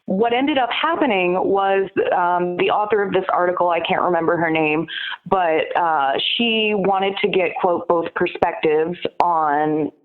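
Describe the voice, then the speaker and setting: A woman's voice: fairly low pitch, unhurried. A woman guest on a podcast, venting in a heated, profane way about her workplace. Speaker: podcast guest, union organizer. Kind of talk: casual interview chat. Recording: tinny phone-like remote line.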